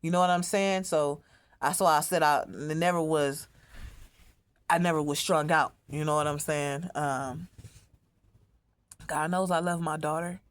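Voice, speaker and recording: A woman's voice: low voice, fairly even intonation, measured pace, long pauses. A woman speaking in a rambling, profane monologue as a mother telling her own story, often repeating herself. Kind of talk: emotional monologue to camera.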